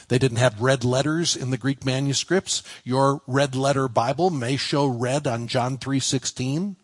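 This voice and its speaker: Middle-aged male pastor, husky, mid-pitched, chatty sermon delivery with slow word-by-word emphasis. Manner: conversational, stresses single words with slow pauses. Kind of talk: expository sermon.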